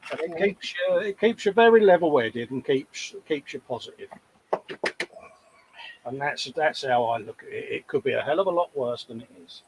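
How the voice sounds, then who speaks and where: A slightly high male voice with lively intonation and a moderate pace, over background noise. He's co-hosting a model-building livestream, chatting and joking, teasing himself, and dropping into quoted voices.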